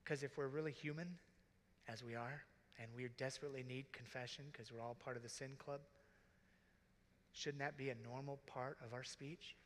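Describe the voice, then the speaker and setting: A middle-aged man, a deacon, preaching earnestly and from the heart at a conference, sometimes dropping to a hush. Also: medium pitch, steady tone, moderate pace, a little hiss or hum. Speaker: deacon speaking to priests. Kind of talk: conference sermon. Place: large conference hall. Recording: reverberant hall.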